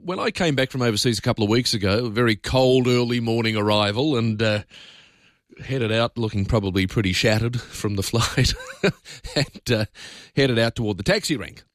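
A man's voice: mid-range voice, moderate pace, dry recording. An Australian man hosting talkback radio from a studio. He talks in a chatty, opinionated way with loose asides. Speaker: radio talk host. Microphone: studio microphone.

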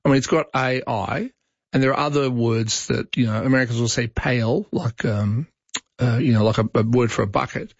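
A man's voice: medium pitch, normal speed, no room sound. A middle-aged Australian man hosting talkback radio, chatting and giving his opinions on listener messages. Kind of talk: casual talkback chat. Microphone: studio microphone. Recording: slightly dull broadcast audio.

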